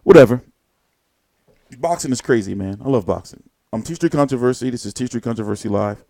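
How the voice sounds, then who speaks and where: A man hosts a casual live boxing talk, swearing freely and rambling from point to point. His voice sits at an ordinary pitch. The sound is dry and close, with no room around it. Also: animated, brisk, dark tone, no room sound. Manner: profane, rambling, blunt street talk. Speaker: boxing channel host.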